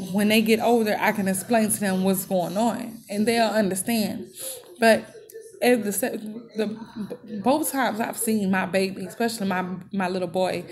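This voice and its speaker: A young woman in a tearful, heartfelt personal vlog, speaking in halting bursts with many restarts. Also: mid-range voice, vocal fry. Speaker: vlogger.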